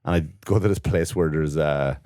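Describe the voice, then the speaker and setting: A man's voice: rumbling low, normal speed, dry recording, clean studio sound. Rambling, swearing man. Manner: rambling, swearing, acts out voices in animated bursts. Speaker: podcast co-host. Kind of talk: casual comedic storytelling.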